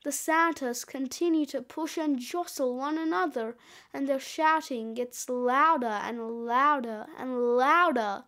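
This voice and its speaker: A woman's voice: high voice, unhurried, fairly bright tone. A woman reading a children's book aloud expressively, voicing the sound effects. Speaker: storybook reader.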